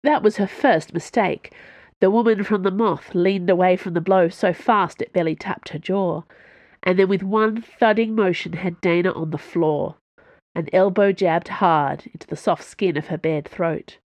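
A woman narrating a science fiction novel in an expressive storytelling voice with dry wit. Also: fairly low pitch, moderate pace, no room sound.

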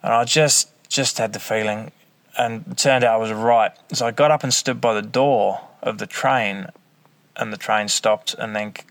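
Gravelly blunt man telling a story. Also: on the low side, steady tone, moderate pace, a bit bright, dry recording. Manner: blunt, profane, rambling. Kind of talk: casual personal storytelling.

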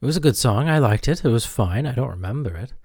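A man's voice: medium pitch, expressive, fast talker, vocal fry, a little mellow, breathy edge, dry recording. Self-deprecating man, radio host, rambling on, pretty dry recording. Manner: self-deprecating, chatty, talks to the audience. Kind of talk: rambling comedic radio banter.

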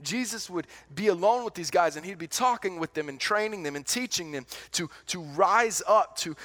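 A man preaching a sermon as a pastor in a conversational, animated way, often restarting and repeating words. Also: high voice.

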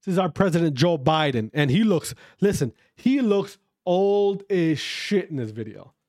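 A man's voice: fairly high pitch, lively intonation, moderate pace, darkish tone, no echo, clean studio sound. A man hosting a podcast, ranting casually, swearing a lot and repeating himself. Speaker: podcast host. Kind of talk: casual profane podcast rant.

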